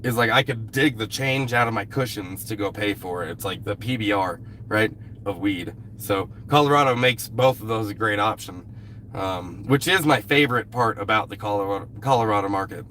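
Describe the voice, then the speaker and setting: A man's voice: on the low side, moderate pace, sharp tone, slight background noise. Blunt, cussing man streaming with a cold. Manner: blunt, heavy swearing, irritated with a commenter. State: fighting a cold, coughing. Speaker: live streamer. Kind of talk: casual live stream chat. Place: outdoors at a rural camp.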